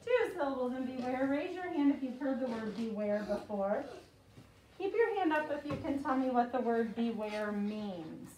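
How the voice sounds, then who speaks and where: Woman teacher, high voice, echoey classroom from far off, patient, repeats words. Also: lively intonation, moderate pace, darkish tone, a little hiss or hum. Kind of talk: classroom vocabulary lesson.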